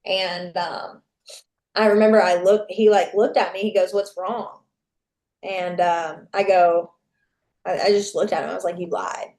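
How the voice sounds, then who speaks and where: A woman's voice: lowish voice, steady tone, normal speed, darkish tone. A young adult woman, a podcast guest, tells a personal story frankly, swearing freely and acting out what people said. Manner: candid, profane, reenacts dialogue. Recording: echoey room.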